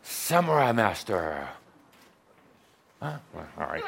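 A man's voice: low voice, expressive, measured pace, vocal fry, slight background noise. A man giving a playful spiritual talk to a live audience, teasing the listeners and acting out little voices. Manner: theatrical, teasing, acts out voices. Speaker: spiritual teacher addressing a live group.

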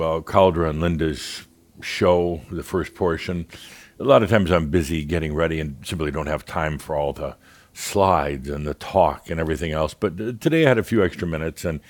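A man delivers a channeled spiritual talk in the voice of a spirit teacher. His voice sits very low, and his delivery is wry and theatrical, full of playful asides. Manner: theatrical, wry, mimics callers, chuckles.

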